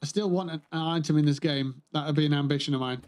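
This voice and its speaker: A man's voice: a little high, fairly even intonation, quick pace, a little mellow. A man chatting casually while playing a game on a livestream, muttering to himself and swearing dryly, close to his microphone. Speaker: streamer. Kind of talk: casual gameplay livestream commentary.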